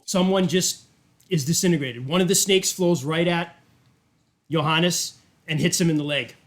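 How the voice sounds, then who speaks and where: A man's voice: a little high, moderate pace. Man running a tabletop game, casual. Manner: casual, rambling, many fillers. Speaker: game master.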